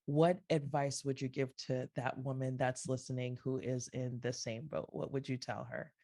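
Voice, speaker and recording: A woman hosting a podcast interview, asking drawn-out questions and affirming her guest often. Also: a bass voice, flat delivery, vocal fry, warm tone. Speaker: podcast host.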